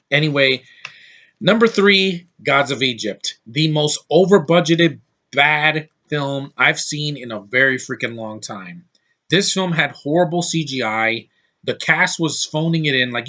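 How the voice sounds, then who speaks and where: A man's voice: medium pitch, bright, forceful tone. A man giving a casual, ranting movie review, blunt and scornful, swearing casually.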